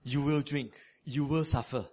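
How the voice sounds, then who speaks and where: A man preaching a sermon, conversational and animated, with many fillers. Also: medium pitch, normal speed.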